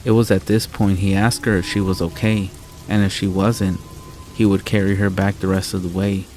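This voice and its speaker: A man reads a scary story aloud in a calm, deadpan, measured way. His voice sits very low and barely moves in pitch. Soft music plays faintly under the rain behind him. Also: low-quality recording. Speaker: horror story narrator. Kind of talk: scripted narration.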